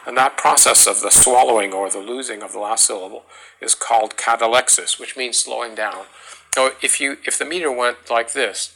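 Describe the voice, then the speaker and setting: A man giving a classroom lecture on meter, talking haltingly with many fillers and restarts, and chanting rhythm syllables to demonstrate. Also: medium pitch, pushed and bright, rough recording. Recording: faint background noise.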